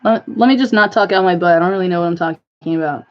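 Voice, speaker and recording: A woman's voice: lowish voice, fast talker. Rambling woman live-streaming on lo-fi audio. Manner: rambling, filler-heavy, talks to viewers and her cat. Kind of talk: casual live stream chat. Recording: slightly dull lo-fi stream audio.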